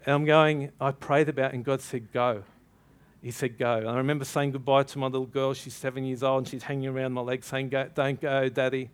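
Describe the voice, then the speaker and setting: A man preaching a sermon, telling a story with animated energy and acting out both sides of the dialogue. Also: mid-range voice, quick pace.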